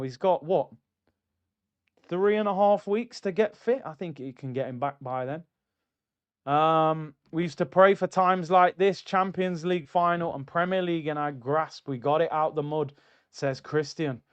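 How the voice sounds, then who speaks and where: Young guy hosting a footy watchalong stream, high voice, chatty, kinda lo-fi mic. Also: clean tone. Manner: excitable, chatty, reads out viewer comments. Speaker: football streamer host. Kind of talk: casual football watchalong livestream chat.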